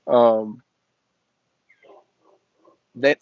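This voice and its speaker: A man's voice: medium pitch, steady tone, very slow, no room sound. A man hosting a blunt, emphatic motivational monologue, talking straight at the listener like a coach. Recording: dull lo-fi recording.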